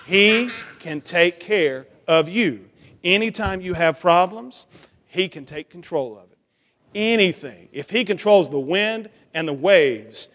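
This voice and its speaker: A man's voice: a little high, lively intonation, a little slow, fairly bright tone. A man leading a children's sermon in a church, coaxing and playful with the kids. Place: church sanctuary. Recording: long church reverb.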